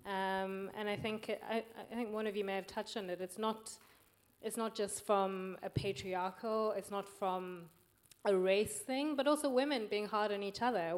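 A woman from Swaziland speaking hesitantly and softly from the audience at a panel, sharing a thoughtful comment. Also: mid-range voice, steady tone, moderate pace. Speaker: audience member.

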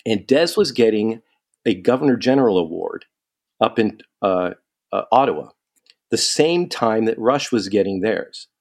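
A man telling a long story in casual chat, animated and quoting people as he goes. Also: fairly low pitch, normal speed. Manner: animated, quotes people in lively asides.

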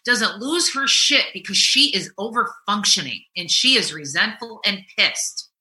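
A middle-aged woman talks casually as a podcast host with a therapist's ease. Her voice is very bright and lively in pitch. She tells stories animatedly, getting loud, then dropping to a hush. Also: measured pace, low-quality recording. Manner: animated storytelling, swings from loud to hushed.

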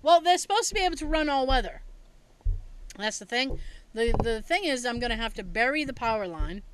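A woman casually telling stories in a chat, animated and laughing often, with a bit of swearing. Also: fairly high pitch, fairly quick, clean tone, dry recording, low-quality recording.

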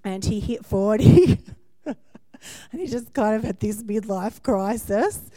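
A woman's voice: medium pitch, lively intonation, slow pace, no echo. A woman in her forties preaching a sermon in a conversational style, checking in with the listeners as she talks. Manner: warm, conversational preaching with frequent "yeah?" check-ins and laughs.

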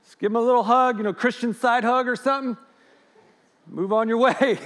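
A man preaching a sermon in an earnest way, swinging from loud stresses to hushed lines. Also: extremely high pitch, fairly quick. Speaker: pastor.

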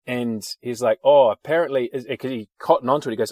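A man chats casually, drifting through anecdotes with plenty of ums and the occasional swear word. His voice sits at a middling pitch, and the recording is close and dry with almost no room sound. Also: fast, a little mellow, no room sound. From New Zealand. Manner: rambling anecdotes with swearing and fillers. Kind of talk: casual chat.

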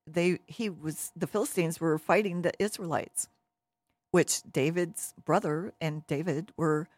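A woman telling a Bible story in an animated, casual way, with many fillers. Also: lowish voice, no echo. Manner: lively, with many fillers and restarts.

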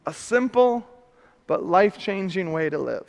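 A male pastor preaching a sermon, animated, swinging from loud emphasis to hushed questions. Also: sits high, a little slow, creaky. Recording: reverberant hall.

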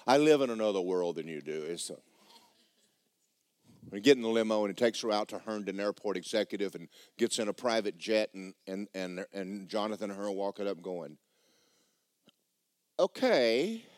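A male preacher spins a story for his congregation. His voice sits low, and he talks in a folksy, animated way, restarting and repeating words. The sound is dry and close. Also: fairly quick, smooth, no echo. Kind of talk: storytelling sermon.

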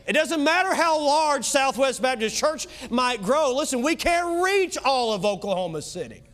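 Male pastor with a Kentucky accent, high voice, emphatic sermon delivery. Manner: emphatic preaching, swinging loud and soft, quick asides.

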